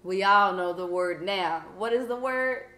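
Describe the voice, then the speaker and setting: A woman teacher leading a vocabulary lesson, patient and encouraging, reading clues out slowly. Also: mid-range voice, sharp tone, reverberant. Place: classroom.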